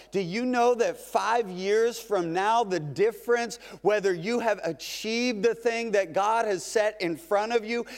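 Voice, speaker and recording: A male pastor delivering a lively, conversational sermon full of rhetorical questions to a congregation. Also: high voice, long reverb tail. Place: large church sanctuary.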